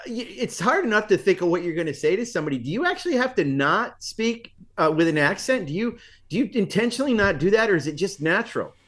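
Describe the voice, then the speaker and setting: A man's voice: sits high, big pitch swings, fast, fairly bright tone. A man co-hosting a casual podcast, asking friendly questions and chuckling as he talks. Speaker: podcast co-host.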